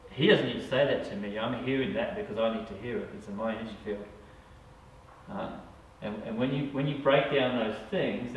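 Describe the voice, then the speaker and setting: A man's voice: medium pitch, a little hiss or hum. A man, a psychic medium, talking casually to a group and often checking in with "all right?". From Australia. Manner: conversational, keeps asking "all right?". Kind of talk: casual talk to a small group. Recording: echoey room, mic far off.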